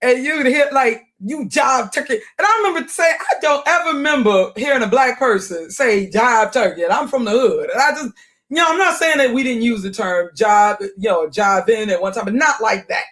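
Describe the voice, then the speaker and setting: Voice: mid-range voice, lively intonation, normal speed, fairly bright tone. A live stream host giving chatty, laughing reaction commentary on an old comedy film.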